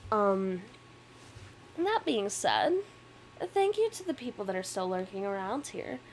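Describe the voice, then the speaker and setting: A woman's voice: on the high side, slight background noise, low-quality recording. A woman streamer chatting casually with viewers between readings, her throat sore, laughing often and poking fun at herself. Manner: chatty, giggly, self-deprecating. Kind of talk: casual live-stream chat.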